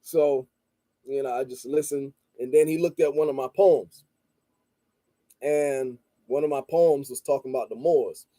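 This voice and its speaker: A man telling a story in a casual monologue, rambling and repeating "you know" and "blah, blah", calm and measured. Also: mid-range voice, dry recording. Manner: calm and measured, stresses listening before responding. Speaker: channel host and street vendor.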